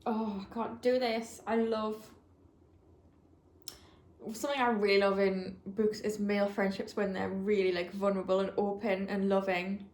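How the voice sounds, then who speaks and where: With a medium-pitched, darkish voice that barely moves in pitch, a young woman talks at normal speed with few pauses about the books she's reading. She gushes emotionally and says "like" often in this casual vlog, recorded by a camera mic with roomy echo.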